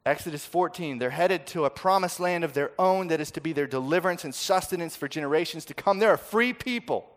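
A man preaching a sermon, swinging from loud, dramatic quoting to soft, intimate asides. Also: fairly high pitch, a little fast, few pauses.

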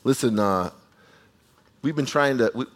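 A man delivers a sermon in an easygoing, animated storytelling manner. He speaks at a middle pitch, often repeats or restarts his words, and turns to the listeners with quick asides. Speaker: pastor.

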